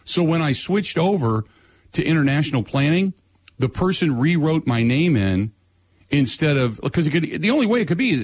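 A man's voice: fairly high pitch, husky. A middle-aged man hosting sports radio, telling a story in blunt, sarcastic, exasperated casual chat.

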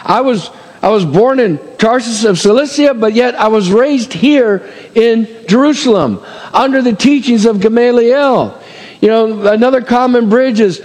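A middle-aged male pastor with a fairly high voice delivers a folksy, conversational sermon full of asides and fillers. His words ring out with a long reverb, as in a large hall. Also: lively intonation, moderate pace, darkish tone.

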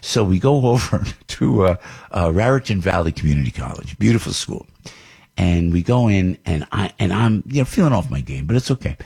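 Gravelly older New radio man. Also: low voice, fairly quick. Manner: rambling, animated storytelling with many restarts. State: under the weather. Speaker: radio host. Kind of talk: radio monologue storytelling.

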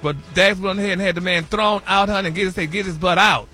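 A man's voice: high-pitched, fairly even intonation, fast, bright, forceful tone, soft background music. A man playing a flamboyant, sassy gossip host on a morning radio show, calling everyone honey and y'all. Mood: indignant. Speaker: celebrity gossip correspondent. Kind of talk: comedic radio gossip bit.

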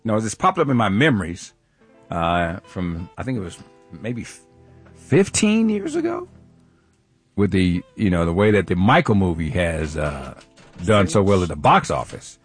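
A man's voice: low voice, animated, moderate pace, husky, faint music behind. A man hosting a radio show, telling a story in a casual, laughing way. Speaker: radio host. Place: radio studio.

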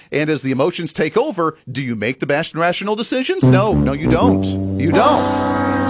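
A man hosting a political opinion show, animated and mocking, laughing often. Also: on the high side, slight background noise. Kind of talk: opinion commentary.

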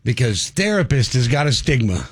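A man co-hosting a radio show, chatting casually and quick to laugh along with his partner. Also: mid-range voice, big pitch swings, breathy edge. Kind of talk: casual morning radio banter.

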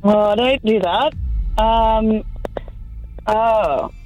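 A woman's voice: fairly high pitch, very slow, a little mellow, faint music behind, low-quality recording. A woman calling into a radio show, hesitant and unsure as she answers. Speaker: radio caller.

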